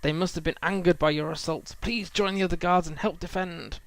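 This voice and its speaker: A man's voice: a little high, steady tone, brisk, gravelly, no echo, voice pushed up. A man reading as an urgent quest-giving guard.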